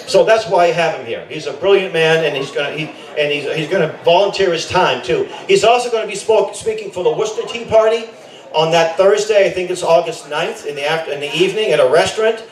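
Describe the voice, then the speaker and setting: A man's voice: fairly high pitch, fast talker. A middle-aged man, a camp director, gives an informal rally speech. He rambles, corrects himself often and adds joking asides. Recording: echoey, voice from a distance.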